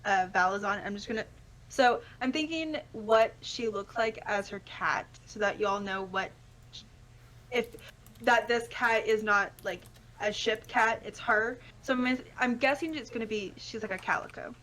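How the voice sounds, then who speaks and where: A woman with a higher voice talking through her character's actions in a tabletop game. She thinks aloud in a chatty way as she goes. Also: normal speed, a bit bright, poor audio. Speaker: player.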